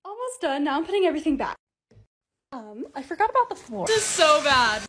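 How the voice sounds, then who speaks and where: A bubbly young woman talks through her own vlog at a quick clip with a high, lively voice. She sounds upbeat and pokes fun at herself. A faint noise sits under the recording. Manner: bubbly, self-mocking, upbeat. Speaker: lifestyle creator. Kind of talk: voice-over vlog narration.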